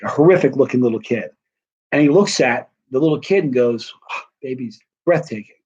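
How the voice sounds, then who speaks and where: A man's voice: mid-range voice, lively intonation, brisk, a little mellow, slightly rough, highs cut off. A middle-aged man chatting casually on a live stream, rambling and self-deprecating, worn out and wired at once. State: tired and wired. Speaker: vlogger answering live chat.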